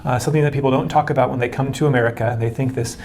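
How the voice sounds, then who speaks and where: Quick, upbeat male host, middle pitch, encouraging. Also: steady tone, darkish tone. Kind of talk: casual interview hosting.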